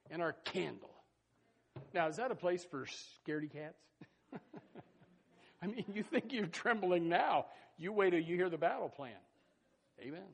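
A man preaching a sermon in a folksy, animated way, with sudden loud bursts and asides to the congregation. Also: a little high, normal speed, creaky, husky. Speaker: pastor.

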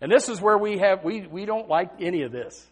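A man preaching a sermon in a folksy, animated way, swinging between loud and soft and saying amen often. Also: fairly quick, husky. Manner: folksy, animated preaching with big swings in pitch and loudness, frequent amens.

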